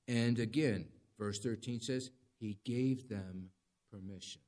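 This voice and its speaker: A man's voice: lowish voice, takes it slowly, darkish tone. A man preaching a sermon in a conversational, dramatic way, with rising emphasis. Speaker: pastor.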